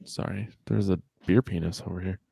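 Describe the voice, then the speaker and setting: A man's voice: low-pitched, fairly even intonation, brisk, vocal fry, mellow, slightly rough, dry recording, clean studio sound. A man co-hosting a podcast, talking in a crude, joking, rambling way. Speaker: podcast co-host. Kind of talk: casual chat.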